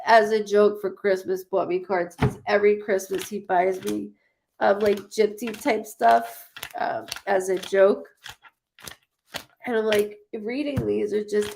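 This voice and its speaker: Chatty woman with a gravelly voice. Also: medium pitch, darkish tone, a little hiss or hum. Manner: chatty, effusive, swears casually. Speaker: psychic medium host of a live stream. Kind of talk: casual livestream chat reading comments.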